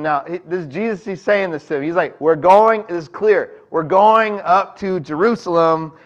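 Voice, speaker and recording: A man's voice: on the high side, a bit bright, muffled recording. A man preaching a sermon in a conversational way, talking to the congregation and acting out voices from the story. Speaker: pastor.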